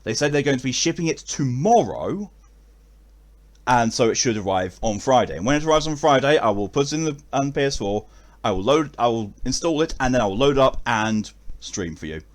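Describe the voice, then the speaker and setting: With a brisk, expressive, mid-range voice, an English man signs off a stream by chatting casually with viewers. The talk meanders, with frequent fillers and restarts.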